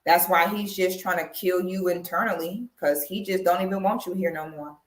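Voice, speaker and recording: A woman's voice: lowish voice, fairly even intonation, moderate pace. A woman giving blunt, emphatic casual commentary to a live audience, calling her viewers girl and y'all, from her home. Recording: echoey room.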